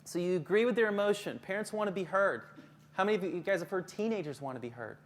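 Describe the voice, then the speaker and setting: Man, counselor, live workshop talk, lively delivery, soft low voice in calm examples. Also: fast. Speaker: school counselor presenting to teachers.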